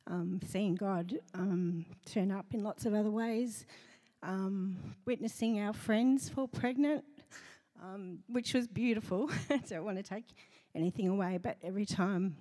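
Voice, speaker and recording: A woman's voice: mid-range voice, a little slow, dark tone. A woman sharing a personal testimony in front of a church, hesitant and emotional. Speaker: pastor's wife.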